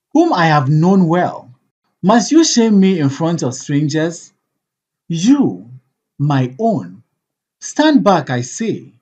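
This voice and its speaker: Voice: mid-range voice, darkish tone, slightly rough, lo-fi sound, heavily acted. A reader voicing a proud, hot-tempered king who demands the truth, in a commanding, indignant way, in a play read aloud. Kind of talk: audiobook play reading.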